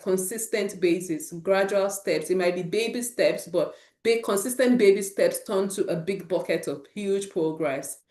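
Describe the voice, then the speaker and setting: A woman's voice: on the low side, a little mellow, echoey room. A woman hosting an informal talk for parents, speaking earnestly and encouragingly and weaving in personal stories. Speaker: host of a parent support session.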